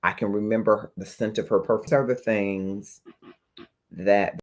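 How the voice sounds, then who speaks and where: Earnest low-voiced man hosting a talk. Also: darkish tone. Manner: earnest and reflective, checks in with listeners. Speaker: host of a talk show on grief. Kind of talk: heartfelt livestream talk to viewers.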